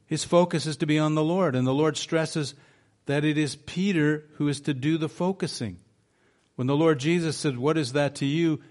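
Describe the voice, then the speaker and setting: A man's voice: medium pitch, darkish tone. A man preaching an earnest sermon, asking his listeners rhetorical questions. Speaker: pastor.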